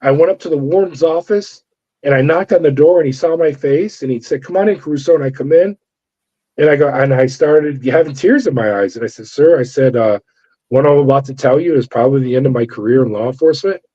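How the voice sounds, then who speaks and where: A man's voice: medium pitch, fairly quick, mellow, slightly rough. A middle-aged man from California, a former corrections officer, telling his story in an interview and acting out the voices of the people in it. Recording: dull lo-fi audio.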